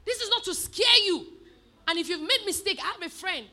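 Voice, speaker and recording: A woman preaching in a high, very bright voice. She is animated, dropping into quiet asides and then rising to shouted emphasis, with a faint hiss of noise behind her. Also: fairly quick. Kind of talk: sermon.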